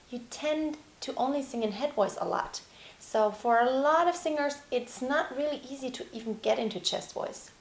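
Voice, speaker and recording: A high, very animated female voice teaching singing. She talks through each point in a steady way, then jumps into sung and shouted demonstrations. The room around her sounds roomy and echoey. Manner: explains calmly, then breaks into sung and shouted examples. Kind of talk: vocal lesson with sung demonstrations. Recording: roomy echo.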